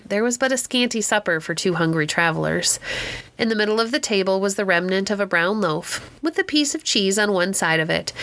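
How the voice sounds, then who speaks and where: In a mid-range voice, this storybook reader delivers a classic children's tale aloud with measured, expressive storytelling.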